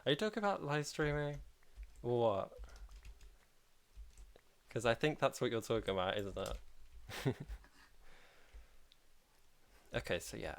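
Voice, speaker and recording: A man's voice: medium pitch, animated, a little slow, gravelly, pauses often. A man hosting a casual game livestream, talking in a chatty, rambling way and laughing often while he plays. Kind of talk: casual live commentary while playing.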